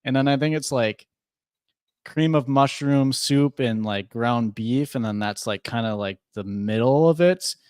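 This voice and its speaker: A man's voice: medium pitch, a little slow, a little mellow, clear, resonant tone, no room sound, clean studio sound. A young man from Minnesota chatting easily as a podcast guest, with lots of filler words and restarts. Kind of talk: casual chat.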